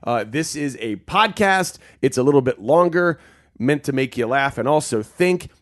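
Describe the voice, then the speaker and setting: A man's voice: medium pitch, moderate pace. A man in his forties co-hosting a family podcast in a playful, casual way. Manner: playful, animated delivery. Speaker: podcast co-host.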